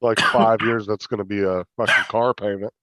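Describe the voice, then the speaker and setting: A man hosting a live stream, chatting in a relaxed way and swearing casually. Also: fairly low pitch, normal speed. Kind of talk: casual chat. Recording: dry, dull mic.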